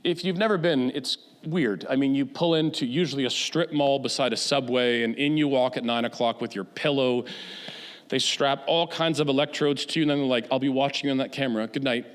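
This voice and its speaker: A man giving a guest talk at a church, telling stories in a casual, conversational way. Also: medium pitch. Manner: conversational, anecdotal, quick asides. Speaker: guest speaker. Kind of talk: church talk on mental health. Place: church sanctuary. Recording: long church hall reverb.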